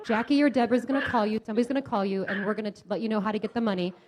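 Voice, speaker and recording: A woman's voice: medium pitch, steady tone, racing, a crowd in the background. A woman hosting a club meeting, calling a raffle winner on the phone in front of a room of people, bubbly and laughing, tripping over repeated words. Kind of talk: excited phone call in front of a live audience. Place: restaurant meeting room with a crowd.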